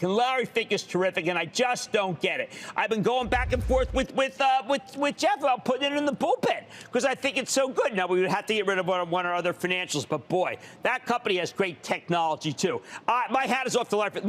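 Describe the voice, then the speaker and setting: Excitable male TV host, Philadelphia accent, high and wildly animated delivery. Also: quick pace, few pauses. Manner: excitable, emphatic, stretches words for emphasis. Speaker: TV host of a stock market show. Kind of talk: TV call-in show.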